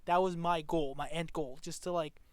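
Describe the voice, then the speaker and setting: A man's voice: a little high, steady tone, moderate pace, clean tone, dry recording. A man telling a personal story to the camera in a casual, rambling way, full of restarts and swearing. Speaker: vlogger.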